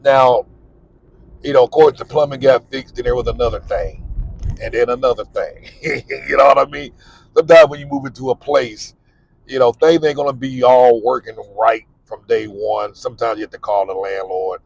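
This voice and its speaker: A man's voice: medium pitch, normal speed, vocal fry, poor audio. A middle-aged man gives candid, repetitive, plain-spoken advice about living abroad while he drives. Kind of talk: casual advice monologue while driving. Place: in a car.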